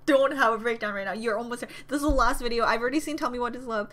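High-voiced, gushing young woman. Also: rapid-fire, a bit bright. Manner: gushing, flustered, talks to herself; swears casually. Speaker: YouTube reactor. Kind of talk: excited reaction vlog.

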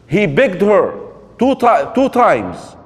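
A man's voice: high voice, huge pitch swings, takes it slowly. A man giving a religious lecture in a storytelling way, asking the audience rhetorical questions and mixing in quoted Arabic phrases. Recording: long hall reverb.

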